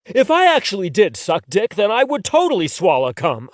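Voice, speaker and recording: A brash young man who says whatever he thinks, as the male narrator puts him on. His lines jump up and down in pitch. The recording is dry and close. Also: huge pitch swings, no room sound. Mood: shameless. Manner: blunt, shameless, quick-talking. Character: brash, blunt young man, the fake boyfriend. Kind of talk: audiobook dialogue.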